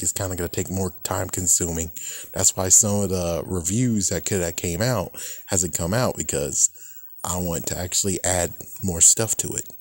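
A man with a somewhat low voice vents in a loose, rambling monologue full of swearing and frustration. His sound is dry and close, with no room around it. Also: a little mellow, no echo. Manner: frustrated, profane, rambling rant. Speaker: YouTuber. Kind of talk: casual ranting vlog.

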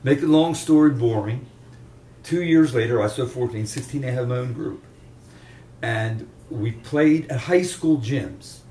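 An older man from around Chester, Pennsylvania, a veteran rock guitarist, tells rambling anecdotes with restarts in a casual interview. His mid-range voice is warm and unhurried. The distant mic picks up a roomy space, faint ambience, and slight background noise.

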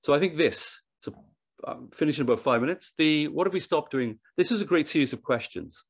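A man's voice: fairly high pitch, expressive, fairly quick, gravelly, breathy edge, no echo, clean studio sound. A man giving a conference presentation, thinking aloud with frequent restarts and repeated words. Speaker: conference speaker. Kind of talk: presentation talk. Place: online event.

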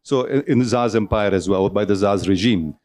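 A man's voice: lowish voice, a little fast, darkish tone. A man giving a public lecture in a hall, discursive, often restarting and repeating words as he goes. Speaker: speaker at a cultural centre talk.

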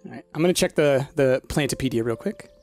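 A man's voice: medium pitch, fast, darkish tone, soft background music. A man hosting a casual gaming session, chatty and playful, laughing often. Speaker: gaming video host. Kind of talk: casual gameplay chat.

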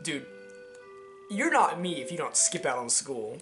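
A man's voice: fairly high pitch, very animated, unhurried, over music. A young man from Georgia in the US, rambling casually and profanely as he comments on a game he is playing, on a headset mic. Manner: rambling, profane, many fillers. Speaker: let's play host.

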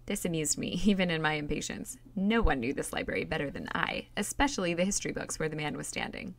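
A woman reading a novel aloud in steady, plain storytelling. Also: deep voice, fast talker, gravelly, hardly any pauses. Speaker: reader.

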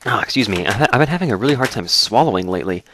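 A man with a dry throat giving rambling, relaxed commentary as he plays through a game. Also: fairly low pitch, rapid-fire, slight background noise. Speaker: let's play host. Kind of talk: casual gaming commentary.

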